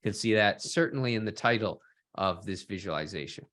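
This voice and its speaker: A man's voice: on the low side, brisk, a bit bright. A man teaching an online workshop, asking questions of his audience and often tagging sentences with "right?". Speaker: workshop instructor.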